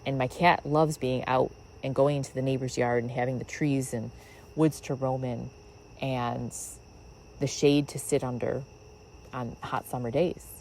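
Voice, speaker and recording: A woman with a very deep, low voice muses on spiritual ideas from her backyard. She rambles along with lots of fillers, and a faint hiss sits under the outdoor recording. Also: steady tone, unhurried, a little mellow, poor audio. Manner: musing, rambling with many fillers. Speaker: podcast host. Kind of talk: reflective spiritual monologue.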